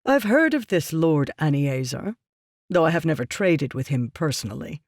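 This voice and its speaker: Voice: mid-range voice, sing-song, moderate pace, no echo, clean studio sound. An audiobook reader voicing a ruthless, scheming merchant man who talks down to others in a curt, lecturing way. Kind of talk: audiobook character reading.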